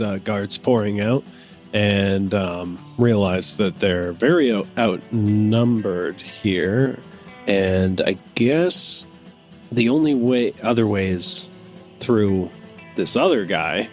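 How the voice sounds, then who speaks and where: A man's voice: on the low side, darkish tone. A man playing a tabletop game, talking casually and hesitantly, thinking aloud with fillers. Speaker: player. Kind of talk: casual chat.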